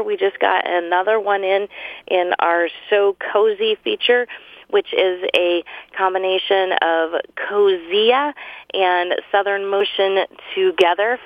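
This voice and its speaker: A woman, a store owner giving a friendly sales pitch in a promotional interview, listing products and prices. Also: no echo. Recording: phone line, very dry.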